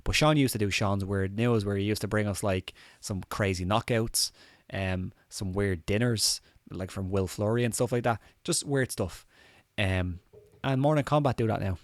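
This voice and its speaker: A man's voice: lowish voice, moderate pace, no room sound, studio quality. A man with a slight cold co-hosting a casual live chat, loose and sweary, laughing often. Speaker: podcast co-host.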